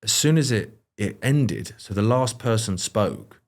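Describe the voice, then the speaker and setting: Male guest, British accent, lowish voice, loose rambling storyteller. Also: very animated, unhurried. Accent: British English. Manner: rambling, anecdotal, frequent fillers and restarts. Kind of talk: casual conversational chat.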